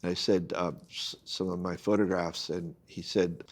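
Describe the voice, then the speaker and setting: Deep-voiced man telling a story. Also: moderate pace. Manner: animated anecdote-telling, acts out quoted people. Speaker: guest photojournalist. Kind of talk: storytelling in a casual conversation.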